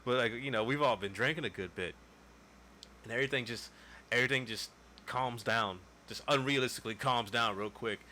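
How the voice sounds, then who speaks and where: A man's voice: medium pitch, brisk, bright, forceful tone, a little hiss or hum. A man in his twenties casually telling a long story on a podcast, loose and profane, acting out what people said. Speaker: podcast co-host.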